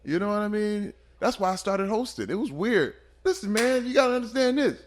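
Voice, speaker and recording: A man in his fifties, a podcast guest, telling stories in an emphatic, animated way in casual conversation. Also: high-pitched, brisk, a little hiss or hum. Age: 50s.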